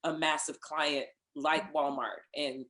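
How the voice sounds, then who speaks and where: A woman being interviewed, telling a lively story in casual conversation, acting out what others said and laughing along. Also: deep voice, slow pace, roomy sound. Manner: animated storyteller, acts out others' lines, laughs. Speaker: interview guest, singer and voice actor.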